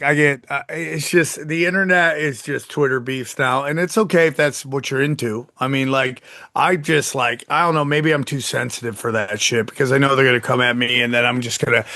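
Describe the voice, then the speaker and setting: A man's voice: medium pitch, brisk, sharp tone, no room sound, clean studio sound. A middle-aged man hosting a casual podcast chat, talking bluntly with plenty of swearing and many restarts. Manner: blunt, profane, rambling with restarts. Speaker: podcast host.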